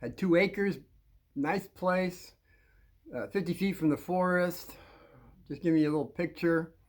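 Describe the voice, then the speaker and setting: A man's voice: high-pitched, unhurried. An older man from New Jersey, telling kids a rambling personal story with folksy, chuckling asides.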